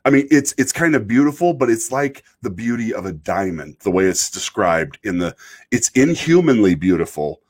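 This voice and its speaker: A man's voice: on the low side, big pitch swings, normal speed, a little mellow, slightly rough. A man from Idaho talking in a casual, rambling way, often stopping and restarting and joking as he hosts a chat. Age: adult, married. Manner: rambling, self-interrupting, joking. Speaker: show host reading chat.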